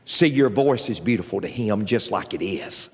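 Animated preacher in a big hall. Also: male voice, normal speed. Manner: animated preaching with jokes, voice leaping up in pitch. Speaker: pastor. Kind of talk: sermon. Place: church sanctuary. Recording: long reverb of a large hall.

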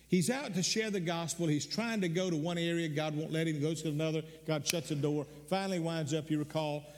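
Older male pastor, fairly high voice, earnest storytelling sermon, long hall reverb. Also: darkish tone. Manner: earnest storytelling with repeated words and sudden emphatic rises.

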